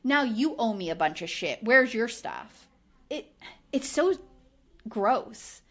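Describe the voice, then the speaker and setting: On the higher side and slow-paced, a woman chats casually while co-hosting a podcast recap. She's animated, drops "like" often, and dramatizes what people said.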